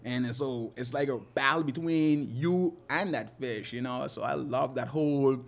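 A man's voice: mid-range voice, normal speed, creaky. A man working as a fishing guide, talking loosely and animatedly in an interview, often laughing. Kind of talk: casual interview talk.

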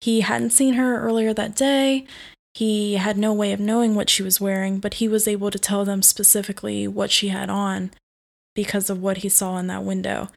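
Flat, gravelly woman telling a story. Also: medium pitch, normal speed. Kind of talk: casual spoken storytelling.

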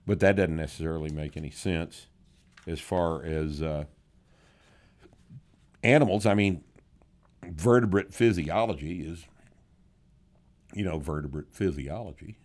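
Speaking slowly with long pauses, this podcast host has a low, darkish voice. He takes listener questions in a joking, casual way, drawling his blunt, profane answers and laughing a lot.

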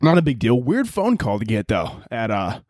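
A young man hosting a casual solo podcast, telling stories in a profane, laughing, animated way. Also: mid-range voice, normal speed, no echo, studio quality. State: out of breath. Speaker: podcast host.

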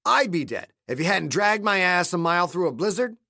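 A man's voice: high voice, expressive, brisk, gravelly, pushed and bright, dry recording, voice pushed up, heavily acted. Battered injured man voiced by a man, crude, sardonic, swearing, dry close sound. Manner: profane, sardonic.

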